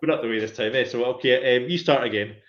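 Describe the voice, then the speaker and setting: A man teaching a relaxed one-to-one language lesson, patiently drilling words call and response and encouraging his learner. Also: medium pitch, fast talker, dull audio.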